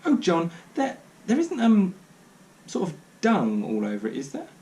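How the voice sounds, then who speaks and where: Man voicing a stern mother, scolding, sharp, higher voice, storybook. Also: huge pitch swings, a little slow, heavily acted. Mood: dismayed.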